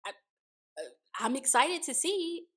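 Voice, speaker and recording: Higher-voiced woman recapping a show. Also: big pitch swings, takes it slowly, fairly bright tone. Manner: retells scenes with quoted dialogue, conversational and reflective. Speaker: reality show recap host. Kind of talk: casual commentary recap.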